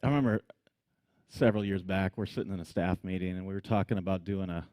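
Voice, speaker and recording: A man preaching a sermon, telling the story with animated energy, frequent laughs and acted-out scenes. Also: deep voice, fast talker, dry recording. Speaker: pastor.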